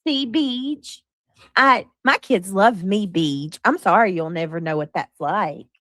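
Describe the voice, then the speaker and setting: A woman's voice: medium pitch, slow, sharp tone, dry recording. A woman mimicking a smug, boastful mother with a gloating, sing-song voice.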